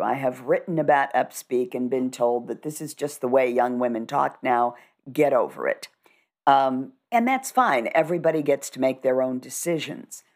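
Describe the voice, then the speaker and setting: A middle-aged woman with a very deep voice, working as a communication coach, talks during a conversational interview. She comes across as instructive, measured and assured.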